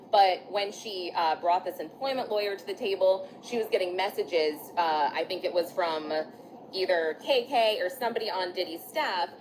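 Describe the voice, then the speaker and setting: A woman with a fairly low voice talks through a casual recap outdoors, chatty and loose, leaning on fillers and restarting her sentences. A faint ambient hum sits behind her. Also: rough recording. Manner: chatty, full of fillers and restarts, apologizes for slips. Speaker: vlogger recapping court testimony. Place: outdoors in bright sun.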